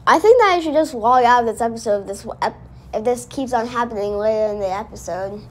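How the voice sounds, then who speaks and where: A woman hosting a casual reaction video, talking in an excitable, rambling way and often correcting herself. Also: on the high side, quick pace.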